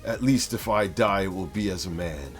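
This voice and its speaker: A man's voice: deep voice, moderate pace, faint music behind, lightly acted. A man voicing a brooding young male mutant outcast, read plainly in his own voice with no accent. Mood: indignant. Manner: earnest, plain reading without accent.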